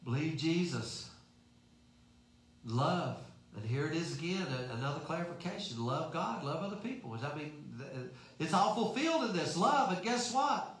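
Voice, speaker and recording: A man's voice: fairly high pitch, animated, moderate pace, fairly bright tone. A man preaching a sermon in a folksy, emphatic way, asking rhetorical questions. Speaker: pastor. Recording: very echoey room.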